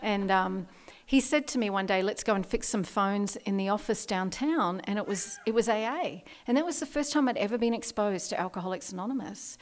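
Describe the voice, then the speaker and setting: A woman's voice: medium pitch, a little fast. A middle-aged Australian woman speaking candidly at a recovery meeting, telling her own story with self-deprecating laughs.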